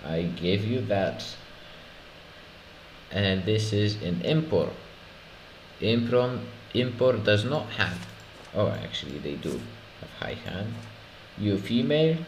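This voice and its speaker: A man's voice: on the low side, expressive, takes it slowly, long pauses. A man with a Polish accent voicing a curt, stern male border inspector in clipped, broken English. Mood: mocking. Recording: roomy with background noise.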